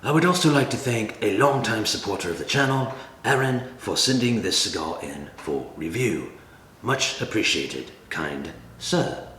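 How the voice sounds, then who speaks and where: A man hosting a comedic review, talking in a dry, deadpan way. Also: on the low side, normal speed. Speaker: cigar reviewer, channel host. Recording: echoey room with faint ambient noise.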